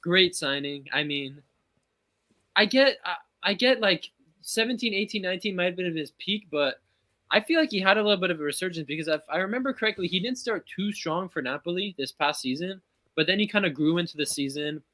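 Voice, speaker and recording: A man's voice: high voice, lively intonation, fairly quick, bright, forceful tone. A man co-hosting a casual football podcast, talking through transfers in a chatty, analytical way. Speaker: podcast co-host.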